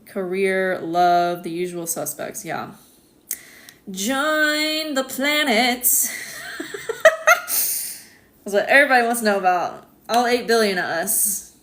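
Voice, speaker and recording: An American woman in a casual live-stream chat, answering viewers' comments in a relaxed, chatty way and laughing often. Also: lowish voice, normal speed. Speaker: astrologer hosting a live stream.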